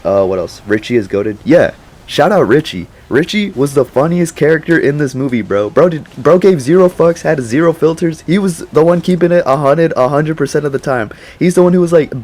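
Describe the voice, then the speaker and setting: A man's voice: fairly high pitch, expressive, fairly quick, a little mellow. Slangy young man rambling about a movie. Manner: slangy, rambling, laughs often. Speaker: YouTuber. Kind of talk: casual movie reaction commentary.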